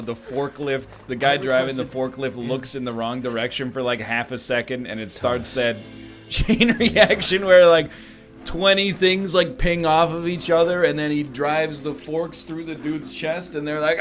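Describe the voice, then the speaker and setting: A man's voice: medium pitch, fairly bright tone. A young man giving jokey let's play commentary on a game, often laughing. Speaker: game streamer.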